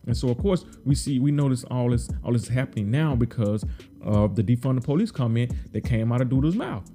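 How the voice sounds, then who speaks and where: A man's voice: medium pitch, animated, fairly quick, mellow, faint music behind. A man recapping a TV episode in casual, rambling talk, repeating words and acting out characters' lines. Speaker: podcast host recapping a TV episode.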